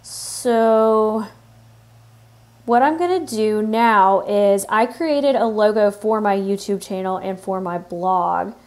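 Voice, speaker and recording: A woman hosting a software tutorial, explaining each step in a relaxed way and thinking aloud with fillers as she works. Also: mid-range voice, slow. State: has the hiccups. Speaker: tutorial host. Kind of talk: screen-recorded software tutorial.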